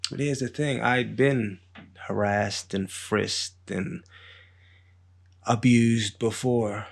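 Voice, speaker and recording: A man hosting a podcast, telling a story in a casual monologue, unhurried and digressive with a street-wise manner. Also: mid-range voice, steady tone, gravelly. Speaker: podcast host.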